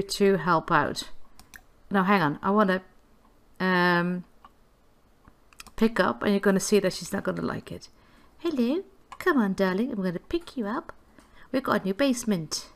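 A woman giving casual gameplay commentary, chatty and giggly, cooing affectionately at the characters on screen. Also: medium pitch. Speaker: gameplay video creator.

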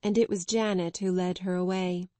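A woman's voice: lowish voice, no room sound. Woman narrating a classic children's novel. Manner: measured, expressive storytelling. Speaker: audiobook narrator. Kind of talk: scripted narration.

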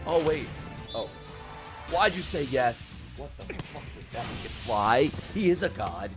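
A young man reacting to an anime episode, excitable and profane, often shouting and laughing. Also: mid-range voice, normal speed, over music. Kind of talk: live reaction commentary. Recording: anime audio playing loudly behind.

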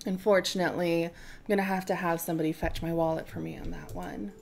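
A woman's voice: on the low side, steady tone, quick pace, gravelly. A woman playing a boastful, creepy rich old ship owner while introducing her board game character. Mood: smug. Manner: boastful, laughs through a half-closed mouth.

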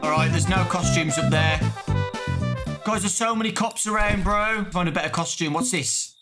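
A man playing a video game, chatting excitedly to his viewers as he goes. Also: high-pitched, moderate pace. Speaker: gaming YouTuber. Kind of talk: let's-play commentary. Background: game music.

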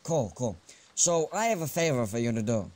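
A man voicing an easygoing young friend with a casual, rambling way of talking in an animated comedy. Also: mid-range voice, normal speed, natural voice. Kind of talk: amateur animated comedy voice acting.

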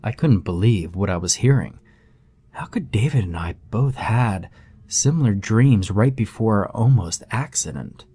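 A man narrating a scripted horror story in a measured, somber way. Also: on the low side, lively intonation, mellow, husky.

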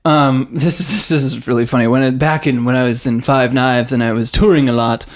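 A man's voice: mid-range voice, steady tone, a little fast. A young man hosting a podcast, chatting loosely and joking, with casual swearing. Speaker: podcast host. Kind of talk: casual chat.

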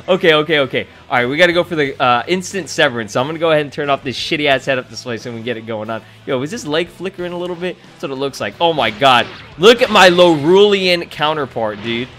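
A young man giving excitable, profanity-laced commentary over his gameplay, laughing often. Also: a little high, quick pace, few pauses, faint music behind. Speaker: gaming YouTuber.

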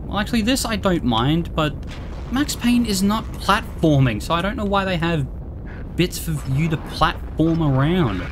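A woman's voice: on the low side, expressive, normal speed, noisy background. A woman giving let's play commentary, ranting and swearing at enemies in exasperation. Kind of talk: gameplay commentary.

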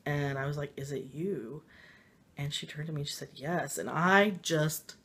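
A woman's voice: sits low, normal speed, fairly bright tone, slightly rough. A woman casually telling a personal spiritual story, rambling with many fillers and little laughs, emotional and confiding. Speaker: spiritual vlogger.

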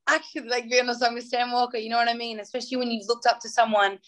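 A woman's voice: fairly high pitch, fairly even intonation, very fast, a bit bright. A young woman from Australia with an Australian accent, chatting as a singer guest in an interview, bubbly and full of fillers. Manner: bubbly, many fillers, acts out quotes. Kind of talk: casual interview chat.

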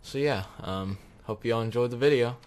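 A man's voice: mid-range voice, brisk, a little mellow, slight background noise. A young man hosting a casual gaming video, rambling with lots of ums and uhs and laughing easily. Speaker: gaming YouTuber host.

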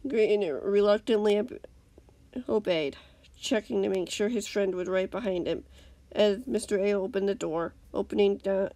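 A woman reading her own fan story aloud, expressive, with occasional slips and restarts. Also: medium pitch, dry recording.

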